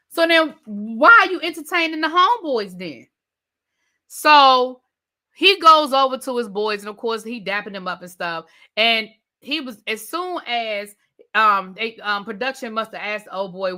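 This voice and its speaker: A woman hosting a live review, retelling scenes in a lively way and mimicking the people she describes. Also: a little high, measured pace. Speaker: TV review channel host. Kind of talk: live rant and recap of a reality show.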